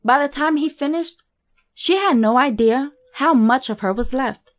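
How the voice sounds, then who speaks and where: A woman reading a graphic horror story aloud in a steady, matter-of-fact way. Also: sits high, unhurried. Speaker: narrator. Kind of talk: scripted horror story narration.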